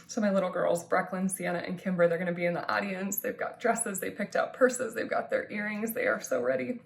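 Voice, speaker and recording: A woman's voice: mid-range voice, steady tone, a little fast, gravelly, slight background noise. A woman in her thirties giving a heartfelt, tearful thank-you in a personal vlog, with many ums and restarts. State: tearful, crying at times. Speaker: vlogger thanking supporters.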